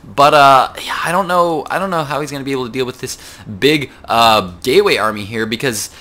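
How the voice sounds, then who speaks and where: A young man doing solo play-by-play commentary on a video game match, talking fast with many fillers and a rough morning voice. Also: medium pitch, pushed and bright. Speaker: esports caster.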